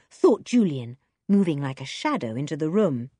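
A woman narrating a children's adventure story in a lively, expressive reading. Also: low voice, normal speed, slightly rough, no echo, studio quality. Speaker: audiobook narrator.

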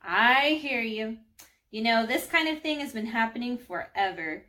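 Woman playing a tiny cheeky angel from a kids storybook, breezy and chatty, pitched up. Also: animated, a little slow, pushed and bright. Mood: playful. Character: tiny cheeky female angel, playful and upbeat. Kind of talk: storybook read-aloud.

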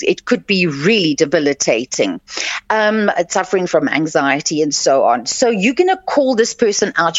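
A woman coach talks on a radio advice show in a fairly low voice that swings up and down a lot. She sounds earnest and often repeats her points. The recording is dull and lo-fi, with dry sound and no room echo. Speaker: life coach and radio host.

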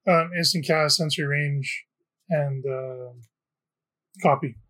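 Male player giving quick answers. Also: fairly high pitch, steady tone, sharp tone. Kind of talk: tabletop game play.

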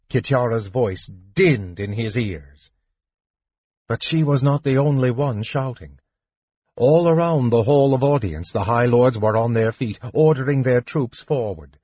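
A man reads a fantasy novel aloud with a husky voice and an unhurried, even delivery. The sound is dry and a little dull, with no room around it. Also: mid-range voice, no echo. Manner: measured, even storytelling. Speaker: audiobook narrator. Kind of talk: scripted fantasy audiobook narration.

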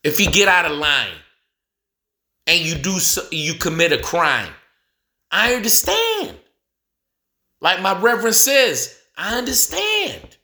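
Man, high and swooping, unhurried preacher cadence, recorded in an echoey room. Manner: repetitive, rhetorical questions, rising to near shouting. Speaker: speaker addressing the nation. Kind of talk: impassioned preaching monologue.

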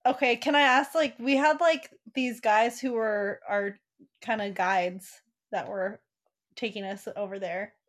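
A woman's voice: a little high, fairly even intonation, a little slow. A woman playing along in an improvised story game, rambling casually with lots of filler words. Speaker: player.

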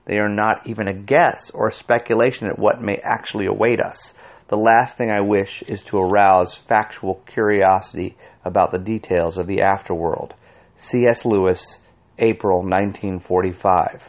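A man giving a measured, scripted audiobook narration. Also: on the low side, fairly even intonation.

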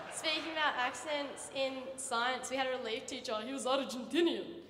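A teenage Australian girl doing stand-up comedy, telling chatty stories with quick impressions on a big theatre stage. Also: sits high, distant mic. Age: teens. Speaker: student comedian. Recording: echoey theatre, long reverb, faint noise.

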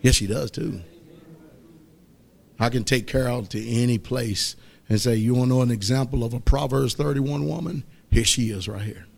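A man preaching a sermon as pastor, rising to loud exhortation and dropping to soft asides. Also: mid-range voice, moderate pace, creaky. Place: church.

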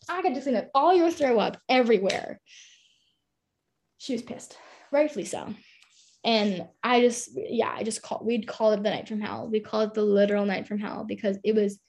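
A woman's voice: on the high side, lively intonation, normal speed, darkish tone. A young woman in her twenties, a podcast guest, chatting through a story and using "like" a lot. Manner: chatty, lots of "like". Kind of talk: casual storytelling.

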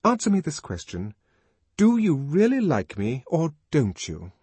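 A man voicing an impatient, exasperated young woman in an audiobook, firing sharp questions. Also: a little high, wildly swooping pitch, unhurried, slightly rough, no room sound, pitched above the performer's own voice, full character voice. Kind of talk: audiobook character voice.

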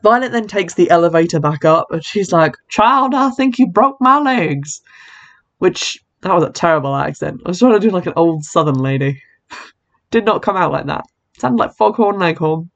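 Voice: medium pitch, animated, fairly quick, vocal fry. A host casually recapping a horror film's plot, chatty and wry, with frequent asides and self-corrections. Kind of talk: casual film recap narration.

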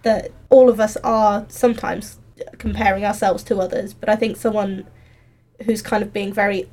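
A woman's voice: mid-range voice, flat delivery, moderate pace, a little mellow. A woman doing a PhD in history, talking thoughtfully in a casual group chat and laughing easily.

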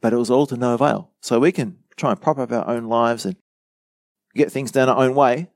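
A man's voice: mid-range voice, a little fast, no room sound. A man preaching a Bible teaching sermon, earnestly explaining verses, quoting commentators and asking the listeners questions. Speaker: pastor.

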